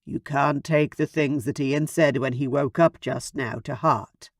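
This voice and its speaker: A man voicing a big, easygoing dragon king who talks to his niece in a gentle, teasing way. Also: medium pitch, steady tone, a little slow, no room sound, studio quality.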